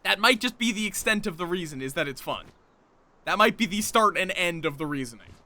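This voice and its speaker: A live streamer chats casually over his gameplay, rambling on and talking both to himself and to his viewers. His voice is high, expressive and fairly quick, with a bright, forceful tone.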